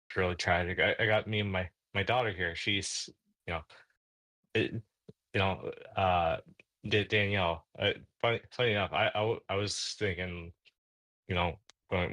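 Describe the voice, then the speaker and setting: A man's voice: low-pitched, fairly bright tone, dry recording. A man playing a tabletop role-playing game in character, rambling with lots of stammers and restarts. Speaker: player.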